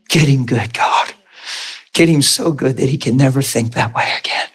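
A man preaching a sermon, an animated storyteller who laughs often and swings his voice up high in acted-out quotes. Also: moderate pace, husky.

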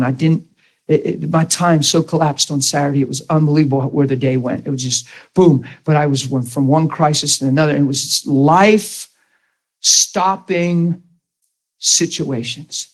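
A man's voice: a little high, fairly quick, poor audio. A man teaching a ministry class in a blunt, conversational way, often acting out the people he quotes. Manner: animated, blunt, acts out quoted voices.

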